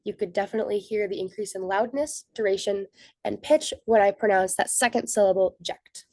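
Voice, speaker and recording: Mellow-voiced woman presenting a class lesson. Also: medium pitch, fairly quick, no echo. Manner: methodical, reads from prepared notes. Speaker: student presenter. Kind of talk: scripted slide presentation.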